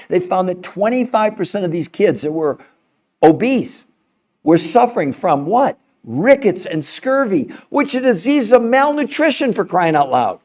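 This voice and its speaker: A middle-aged man giving an impassioned health talk, blunt and fired up, swearing at times and turning soft and emotional. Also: high voice. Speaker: health presenter. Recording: slightly dull lo-fi sound.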